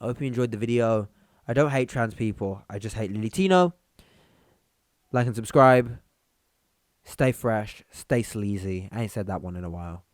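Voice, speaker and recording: A man's voice: fairly low pitch, expressive, moderate pace, long pauses, no echo, clean studio sound. A young man hosting a commentary video, talking bluntly and mockingly in a rant. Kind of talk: reaction commentary.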